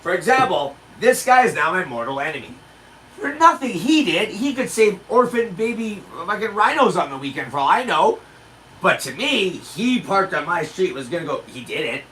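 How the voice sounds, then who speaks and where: Animated man in his forties telling jokes. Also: high-pitched, normal speed, distant mic, a little hiss or hum, poor audio. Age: 40s. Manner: animated storytelling with shouted punchlines. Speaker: stand-up comedian. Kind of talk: livestreamed stand-up rehearsal.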